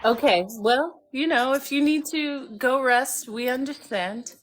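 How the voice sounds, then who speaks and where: A woman hosting a casual live stream, telling a lively story and acting out the voices of the people in it. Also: high voice, measured pace. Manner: animated storyteller who acts out voices. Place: home by a fireplace.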